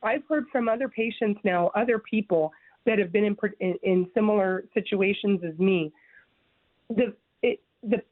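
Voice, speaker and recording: A woman's voice: medium pitch, no echo. A woman tells her own story in an interview, earnest and emphatic, often stumbling and restarting as she presses her point. The sound is thin and phone-like. The room around her is dry and close. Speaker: guest sharing her story. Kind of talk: interview, personal testimony.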